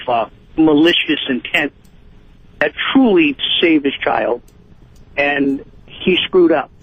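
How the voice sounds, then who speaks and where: Middle-aged man calling in; earnest, a bit higher voice, dull phone line. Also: breathy edge, no echo. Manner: earnest, fatherly advice. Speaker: caller. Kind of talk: call-in radio talk.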